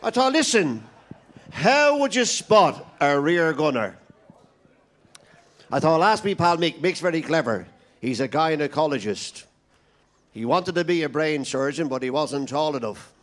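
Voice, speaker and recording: Irish male stand-up comic with a rambling joke-telling manner and a voice a touch on the high side. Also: sing-song, measured pace, pauses often, a bit bright. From Ireland. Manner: rambling joke teller, playing all the characters himself. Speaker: stand-up comedian.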